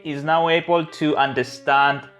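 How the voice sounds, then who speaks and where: A man's voice: fairly high pitch, steady tone, measured pace, fairly bright tone, faint music behind. Playful non-native English-speaking man. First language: not English. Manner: joking, playful, self-mocking. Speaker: tech YouTuber. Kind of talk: casual tutorial vlog.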